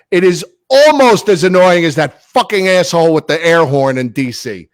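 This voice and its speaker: Animated ranting man. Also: fairly high pitch, moderate pace, few pauses, no echo. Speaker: podcast co-host. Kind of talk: casual chat.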